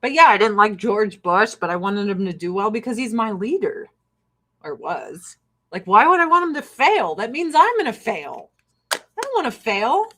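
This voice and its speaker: A woman's voice: medium pitch, sing-song, normal speed, bright, forceful tone. An American woman hosting a casual livestream, talking bluntly and swearing freely while she laughs often and sells skincare. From United States. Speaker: livestream host selling skincare.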